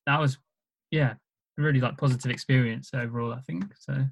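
A man's voice: mid-range voice, fairly even intonation, a little fast, gravelly. A man, a stand-up comedian, chatting casually and self-deprecatingly about his gigs. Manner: self-deprecating, modest, chuckles while telling stories. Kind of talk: casual chat.

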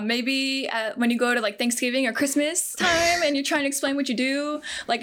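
Slightly high-voiced young woman guest. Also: fairly bright tone. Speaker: guest, costume maker. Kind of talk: casual chat.

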